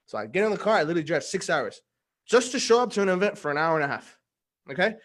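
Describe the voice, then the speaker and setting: Slangy, animated young man. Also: high voice, fast. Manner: slangy, animated, acts out quoted dialogue. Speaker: guest giving a testimonial. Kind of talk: casual storytelling in a conversation.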